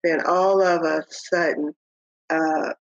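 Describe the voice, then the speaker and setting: An older woman, a podcast guest, telling the story of her faith in a halting way, with many pauses and restarts. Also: low-pitched, steady tone, no echo. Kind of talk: telling a personal faith testimony. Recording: dull, lo-fi audio.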